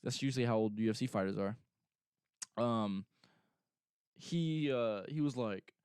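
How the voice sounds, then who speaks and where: Rambling young man, smooth clear voice. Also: medium pitch, a little slow, pauses often, darkish tone, dry recording, studio quality. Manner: rambling, filler-heavy, mocking impressions. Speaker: show host. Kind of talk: casual chat.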